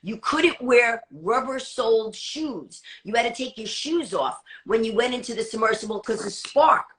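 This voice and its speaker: Bright, fast-talking woman comic. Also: a little high, animated. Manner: fast-talking, acts out quoted dialogue. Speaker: stand-up comic guest. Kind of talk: animated anecdote telling.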